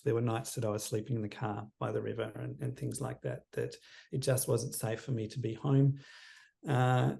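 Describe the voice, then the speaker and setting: A counsellor in his fifties from Australia appears as a guest on a podcast interview, telling a personal story. He speaks in an earnest, reflective way, his mid-range, creaky voice often trailing off quietly.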